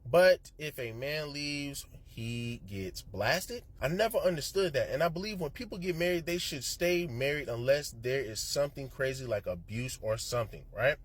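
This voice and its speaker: A man's voice: medium pitch, animated, normal speed, few pauses. A man hosting an opinionated reaction commentary, preaching emphatically straight to his viewers. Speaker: commentary show host.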